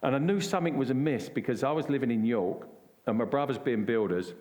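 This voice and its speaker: A middle-aged man from England telling a story at a church event, animated and acting out what others said. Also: medium pitch, fast. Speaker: guest. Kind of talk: conversational storytelling.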